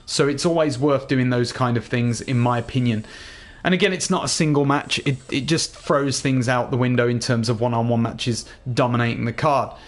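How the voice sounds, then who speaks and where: A man's voice: mid-range voice, steady tone, normal speed. An English man, a gaming video host, talking to his viewers in a chatty, earnest, rambling way as he closes his video. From England. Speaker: gaming YouTuber. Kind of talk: casual outro to viewers.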